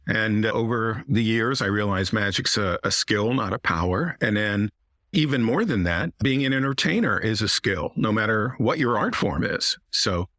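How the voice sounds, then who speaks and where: A man's voice: lowish voice, lively intonation, moderate pace, pushed and bright, dry recording, studio quality. A middle-aged American man, a magician and comedian, chatting as a guest with a rich voice whose sentences turn down at the end. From United States. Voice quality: rich podcasting voice. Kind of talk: casual interview chat.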